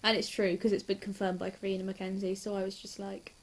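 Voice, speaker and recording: Hyper and giggly, this young adult reaction vlogger gushes about a TV episode in a mid-range voice. Her chat is casual and excited, wandering from one scene to the next.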